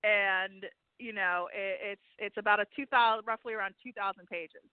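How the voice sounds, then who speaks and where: A woman co-hosting a political talk radio show, bubbly and quick to laugh. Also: medium pitch, steady tone, smooth, dry recording. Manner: bubbly, laughs often, many fillers. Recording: dry tinny phone line.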